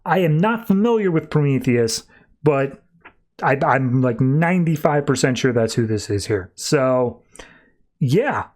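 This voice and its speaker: A male podcast host recapping a comic book in casual chat. He rambles quickly through the story, with plenty of fillers and restarts. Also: mid-range voice, expressive.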